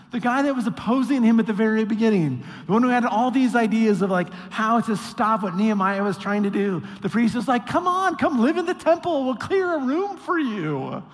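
Animated high-voiced male preacher in a reverberant hall. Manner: animated, acts out quotes with mock voices. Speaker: pastor. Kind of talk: sermon.

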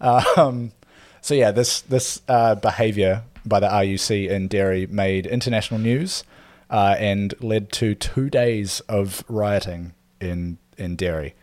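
A man casually talking through a history topic on a podcast, with lots of ums and quick laughs. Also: on the low side, a little mellow, no room sound. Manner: rambling, filler-heavy, laughs often. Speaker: podcast co-host presenting history.

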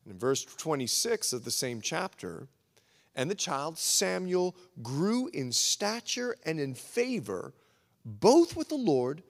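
A man preaching with a high voice that leaps up and down as he tells the story and acts out the quotes. His sermon rings out in a large hall with a long, trailing reverb. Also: big pitch swings, unhurried, a bit bright. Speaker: pastor. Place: church hall at a men's breakfast.

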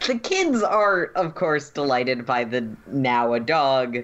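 Slow, low-pitched female game master, lively pitch, lo-fi recording. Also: a little hiss or hum. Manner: unhurried descriptive narration with fillers. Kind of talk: narrating a tabletop game. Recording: dull lo-fi audio.

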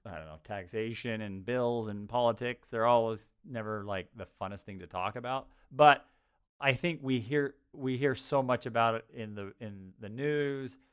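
A man's voice: medium pitch, moderate pace, fairly bright tone, smooth. A man who is a financial advisor co-hosting a podcast, chatting in an easygoing way with many restarts. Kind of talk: casual podcast chat.

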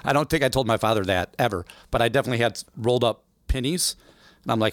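Animated man telling a story. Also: medium pitch, quick pace, no echo, studio quality. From Illinois, USA. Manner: animated storyteller, acts out voices in quotes. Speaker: guest. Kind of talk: storytelling interview.

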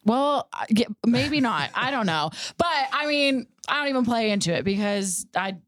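On a podcast, a woman co-host chats casually, laughing a lot and swearing freely. Her voice is on the high side and animated, at a moderate pace. A studio microphone gives clean sound with no room tone.

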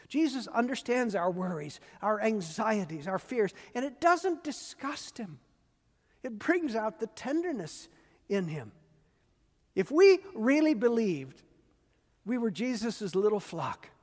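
High-voiced older pastor with long hall echo. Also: male voice. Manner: earnest, warm and emphatic, repeats key phrases. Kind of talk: sermon. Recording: long reverb of a large hall.

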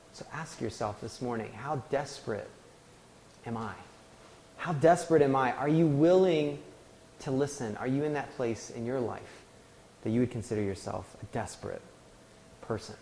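A man's voice: mid-range voice, dark tone, slight background noise. A man preaching a sermon, telling a personal story in a conversational, self-deprecating way. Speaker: pastor. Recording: long hall reverb.

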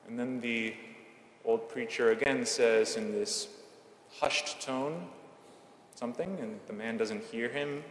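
A man preaches a homily at Mass in a measured, earnest way, slowing down for emphasis. His voice sits at an ordinary pitch. It rings through a large church with a long reverb, over a faint hum of the room. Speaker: Catholic priest.

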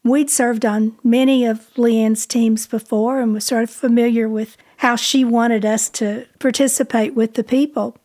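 A woman telling a personal story in a conversational, expressive way, as a co-host of a ministry talk. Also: a little high. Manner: conversational, expressive, drops to a whisper when quoting.

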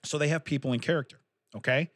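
A man's voice: a little high, fast, fairly bright tone, dry recording, clean studio sound. A man co-hosting a casual chat show, telling rambling stories and laughing often.

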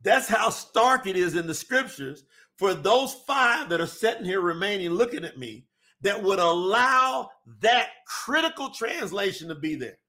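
A man with a high, bright, ringing voice teaches about scripture translation. He drives each point home emphatically and keeps throwing rhetorical questions at his listeners. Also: very animated, unhurried. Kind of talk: religious teaching talk.

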